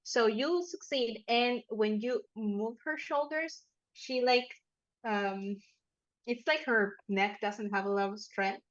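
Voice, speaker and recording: A woman narrating a tabletop horror game as game master, talking casually with fillers and quick self-corrections. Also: fairly high pitch, dull audio. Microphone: headphones and microphone.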